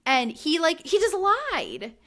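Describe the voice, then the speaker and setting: A woman's voice: very high voice, huge pitch swings, slow, sharp tone. A woman co-hosting a podcast, recapping reality TV in casual chat, chatty and exasperated, full of fillers. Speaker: podcast co-host.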